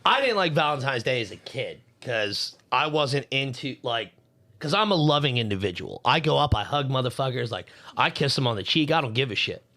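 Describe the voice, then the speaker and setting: A man's voice: medium pitch, very animated, fairly quick, bright, forceful tone. A young man co-hosting a podcast, telling a heated, profane story about hating Valentine's Day. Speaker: podcast co-host. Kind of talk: heated casual podcast rant.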